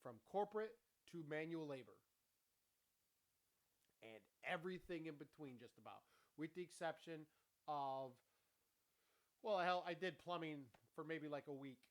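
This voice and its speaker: Man in his forties, podcast host, blunt and profane, rambling, fairly high voice. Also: unhurried, long pauses. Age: 40s. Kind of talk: casual motivational monologue.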